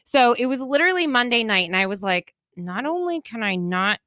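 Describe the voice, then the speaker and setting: Bright-voiced woman telling a story. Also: fairly high pitch, brisk, clean tone, no room sound. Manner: animated, mimics people she quotes. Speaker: podcast co-host. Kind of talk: casual storytelling chat. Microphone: studio microphone.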